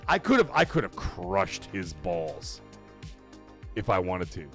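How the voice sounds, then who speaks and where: A middle-aged man hosting a livestream in casual chat, animated and swearing, loudly thanking donors. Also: on the high side, normal speed, soft background music. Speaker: livestream host.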